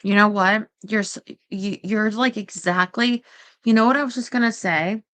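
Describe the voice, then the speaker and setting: A woman's voice: mid-range voice, steady tone, moderate pace, fairly bright tone. A woman hosting a casual chat, rambling with lots of fillers and quoting herself. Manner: rambling, full of fillers and self-quotes. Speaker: podcast host.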